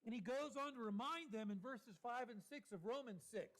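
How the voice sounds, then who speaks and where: A man preaching a sermon in a church, deliberate and repeating key phrases for emphasis. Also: very high-pitched, animated, a bit bright.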